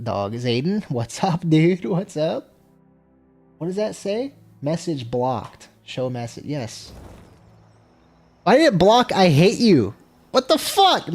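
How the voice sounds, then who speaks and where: Lively, foul-mouthed gaming streamer. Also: medium pitch. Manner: swears freely, frustrated outbursts; laid-back, talks to chat. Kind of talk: casual gameplay livestream chat.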